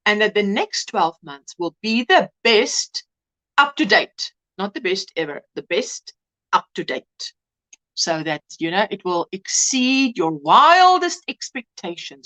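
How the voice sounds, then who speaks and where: A woman chats her way through a crochet livestream in a high-pitched voice. Her tone swings up and down as she gushes over patterns and calls out hellos to the chat. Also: big pitch swings, moderate pace, bright, forceful tone. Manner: chatty, exclaims over projects and greets viewers in the chat. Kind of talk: casual live-stream chat.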